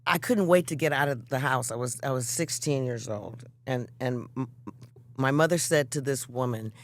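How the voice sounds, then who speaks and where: An animated woman guest who tells her stories with vivid, acted-out quotes. Her talk is casual and candid, with frank swearing. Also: extremely low pitch, moderate pace. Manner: animated, acts out quotes in voices, swears freely. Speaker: songwriter guest. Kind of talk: casual storytelling chat.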